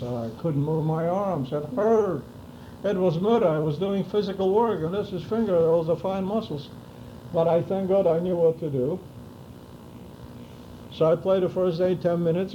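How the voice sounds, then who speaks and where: A man's voice: fairly high pitch, highs cut off, slight background noise. An older man in an oral history interview, telling his memories vividly and acting out the dialogue. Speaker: interviewee recounting wartime memories.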